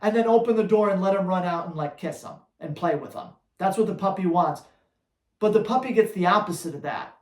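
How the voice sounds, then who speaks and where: Blunt, energetic man in an echoey room. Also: high voice. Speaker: dog trainer. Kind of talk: live Q&A answering viewer questions.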